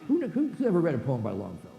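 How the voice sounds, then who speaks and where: A man in his seventies giving a church forum lecture, halting with many restarts and reading verse aloud. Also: a little high, huge pitch swings, gravelly, warm tone, roomy sound, soft background music, low-quality recording. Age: 70s. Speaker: guest lecturer. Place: church hall, echoey.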